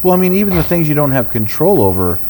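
A man chatting casually as co-host, telling family stories and getting animated when he quotes people. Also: fairly high pitch, quick pace. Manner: storytelling, animated when quoting others. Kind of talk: casual chat. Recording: faint background noise.

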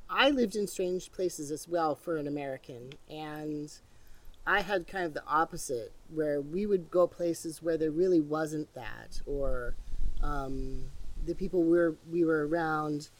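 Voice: mid-range voice, measured pace, far from the mic. An interviewer in their fifties with a lozenge in the mouth after a cold, talking in a rambling way full of restarts. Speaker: interviewer and radio host. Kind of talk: casual interview chat.

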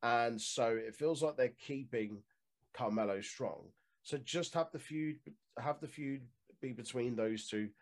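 A man's voice: mid-range voice, measured pace. A man co-hosting a podcast in casual, opinionated chat, swearing freely. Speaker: podcast co-host.

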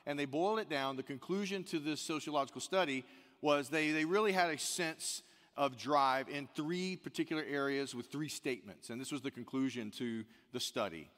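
A man's voice: a little high, moderate pace, a bit bright. Earnest male pastor in a reverberant hall. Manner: earnest, repeats key phrases for emphasis. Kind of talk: sermon. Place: church service.

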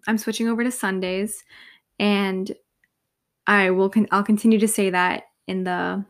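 A young woman in her twenties hosting a casual solo podcast, tired and yawning, rambling with many fillers. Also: medium pitch. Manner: rambling, filler-heavy, lots of "like". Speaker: podcast host.

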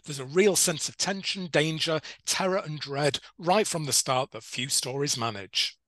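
A man's voice: a little high, moderate pace, a bit bright, no room sound. A man co-hosting a podcast, reading listener reviews aloud with dry, teasing remarks. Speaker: podcast co-host.

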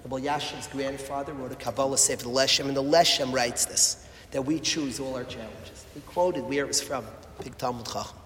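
A man giving an emotional sermon, impassioned and repetitive, swinging from loud appeals to hushed words. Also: medium pitch, steady tone, fairly quick, a little hiss or hum. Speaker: rabbi or Torah speaker. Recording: echoey hall, faint ambience.

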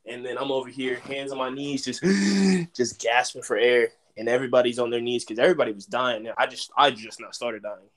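A young man from Dallas talks casually as a podcast guest. He tells a story with energy and jumps into loud, animated quotes of what people said. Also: medium pitch, fast, few pauses. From Dallas, Texas. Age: young adult. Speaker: podcast guest, former college football player.

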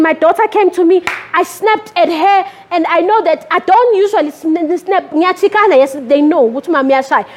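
High-voiced woman preaching. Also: a little hiss or hum. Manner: animated, code-switching with lively rises in pitch. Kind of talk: sermon.

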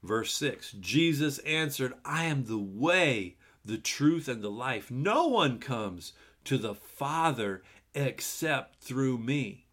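A middle-aged man preaches a sermon at an unhurried, deliberate pace. His voice sits at an ordinary middle pitch, and he moves from earnest scripture reading into relaxed, conversational asides to the congregation. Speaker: pastor.

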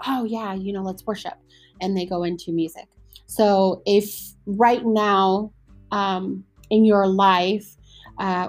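A woman hosting a faith podcast, chatting casually and enthusiastically with her guests. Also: mid-range voice. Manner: enthusiastic, affirming, reads lyrics aloud. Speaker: podcast host. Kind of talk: casual interview chat.

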